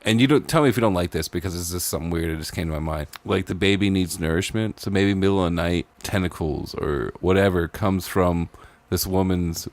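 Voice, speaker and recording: A man's voice: low-pitched, a little fast, few pauses. A man co-hosting a podcast, rambling casually through story ideas with lots of "like" and "maybe". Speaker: podcast co-host. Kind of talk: casual brainstorming chat.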